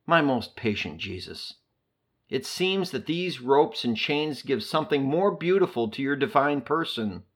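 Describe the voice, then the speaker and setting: A man slowly reading a devotional prayer aloud, speaking to God in a lilting, devout voice. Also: medium pitch, big pitch swings, slightly rough. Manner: slow, lilting and devout, addressing God directly.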